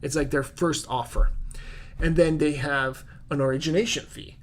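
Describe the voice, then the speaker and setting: A man's voice: fairly high pitch, fairly even intonation, moderate pace. A man with a non-native English accent, a real estate agent hosting a casual live-stream Q&A, chatty and full of fillers as he answers viewer comments.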